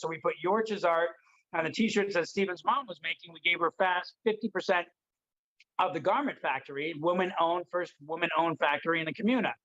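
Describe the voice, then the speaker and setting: High-voiced, excitable man, dull lo-fi stream. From Detroit, United States. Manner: energetic, excitable, acts out dialogue. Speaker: interview guest. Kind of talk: animated storytelling in an unedited livestream. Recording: dull lo-fi livestream audio.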